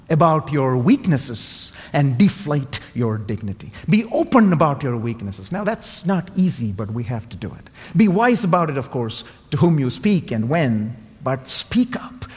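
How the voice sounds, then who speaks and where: A man preaching a sermon, emphatic and repeating his key phrases. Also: fairly high pitch. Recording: long hall reverb.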